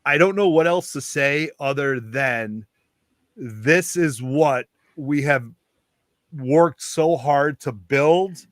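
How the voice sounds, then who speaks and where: A man co-hosting a casual podcast, chiming in with quick agreement and earnest comments. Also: fairly high pitch, dry recording. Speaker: podcast co-host. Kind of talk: casual chat.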